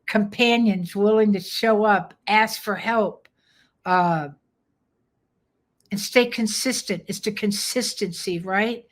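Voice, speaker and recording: An older woman dog trainer giving a live webinar pitch, firm, direct and plainspoken. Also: takes it slowly.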